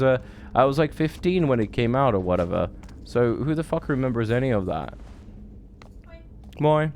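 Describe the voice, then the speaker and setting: Speaking in a lowish, slightly mellow voice, a man in his 30s rambles through a game stream, chatting with viewers and swearing freely along the way. There's a bit of background noise in the recording.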